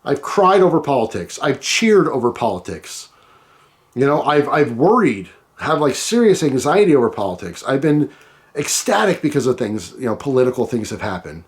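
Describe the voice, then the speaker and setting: A man's voice: medium pitch, big pitch swings, normal speed. A middle-aged man from the United States talking casually to camera, rambling and often restarting his sentences. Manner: rambling, repeats and restarts himself. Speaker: vlogger. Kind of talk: casual storytime monologue.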